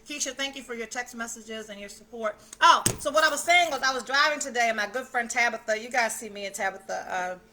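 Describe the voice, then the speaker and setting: A woman's voice: a little high, brisk, few pauses, pushed and bright, a little hiss or hum. A woman hosting a self-care livestream from home, chatting casually, greeting viewers by name with big enthusiasm and the odd swear word. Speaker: self-care challenge host. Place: at home, indoors.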